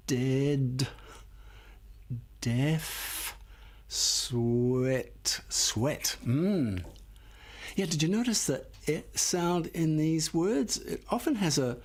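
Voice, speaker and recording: Older man, phonics teacher, slow and patient, lively rising and falling pitch. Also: husky. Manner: patient, encouraging, sounds out words one by one. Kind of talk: slow classroom phonics lesson.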